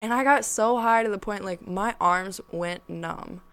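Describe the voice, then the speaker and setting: A young woman spinning a long story in loose, casual talk. She leans on "like" over and over and drops swear words without a thought. Her voice sits at an ordinary middle pitch and swells louder when the story gets tense. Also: measured pace. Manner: rambling, fills nearly every phrase with "like", swears freely; grows louder and more animated as the story heats up. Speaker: guest telling a personal story.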